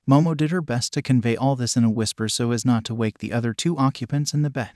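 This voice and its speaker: A man reading a story as its narrator in a steady, even manner. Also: medium pitch, fast, hardly any pauses, dry recording, studio quality. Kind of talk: storybook reading of fan fiction.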